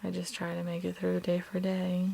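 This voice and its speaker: An upset woman, a mother of two small children, talking haltingly into a video diary, now and then dropping to a whisper. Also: lowish voice, completely flat delivery, gravelly, dark tone, slight background noise. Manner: halting, hesitant, many fillers and restarts; subdued, drops at times to a whisper.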